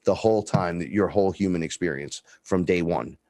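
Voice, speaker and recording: A man's voice: sits low, fairly quick, no room sound. A man telling stories in a casual, profane chat, acting out the dialogue. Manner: profane, animated, acts out dialogue in his stories. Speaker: guest.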